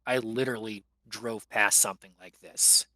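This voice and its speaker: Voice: mid-range voice, fairly even intonation, normal speed, sharp tone, low-quality recording. A player in a tabletop game, chatting playfully at the table. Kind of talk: casual tabletop play.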